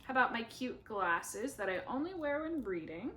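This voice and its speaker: Playful woman speech therapist, slow practice phrases. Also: fairly high pitch, big pitch swings, fairly bright tone, slight background noise. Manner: playful, self-teasing asides. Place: home living room.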